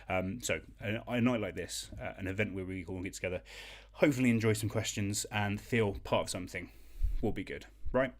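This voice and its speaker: A man's voice: lowish voice, brisk, hardly any pauses. A man hosting a casual online quiz from home, talking in a chatty, self-deprecating way with many hesitations. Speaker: quiz host.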